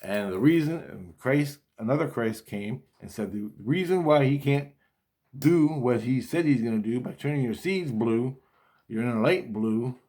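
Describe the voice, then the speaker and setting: A middle-aged man talks straight to his audience in a loose, rambling monologue. He curses freely, stumbles and restarts his sentences, and slips into quoted back-and-forth dialogue. His voice sits at an ordinary middle pitch. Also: animated, moderate pace, mellow. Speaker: vlogger.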